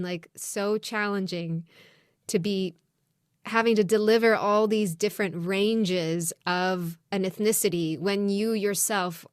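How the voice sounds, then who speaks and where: A woman co-hosting a podcast in casual chat, candid and reflective, with quick asides. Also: medium pitch, no echo, clean studio sound. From raised outside Australia, Japanese father. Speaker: podcast co-host.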